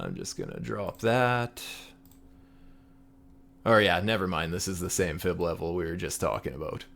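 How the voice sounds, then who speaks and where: A man's voice: on the low side, gravelly. A man hosting a livestream, talking casually about charts with frequent fillers and laughs. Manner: relaxed, laughs often, many fillers. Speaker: livestream host. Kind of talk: casual trading chat.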